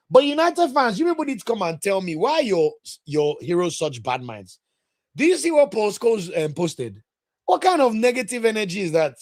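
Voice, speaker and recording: A Nigerian man hosting a football podcast, talking casually, opinionated and ranting with sudden loud exclamations. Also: a little high, dry recording, studio quality. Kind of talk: casual solo football commentary.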